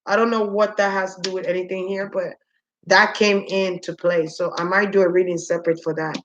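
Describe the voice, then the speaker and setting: A woman giving a spiritual reading to her viewers, musing aloud with many pauses, ums and repeated words. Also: medium pitch, little pitch movement, lo-fi sound. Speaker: spiritual reader. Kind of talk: psychic reading monologue.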